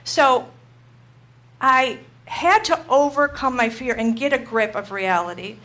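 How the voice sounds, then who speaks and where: A middle-aged woman gives a faith lesson in a casual, talky way. She tells her stories with animation and acts out her own panic. Her voice sits a little higher than most women's. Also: unhurried, sharp tone. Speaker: Christian teacher. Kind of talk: teaching talk with personal story.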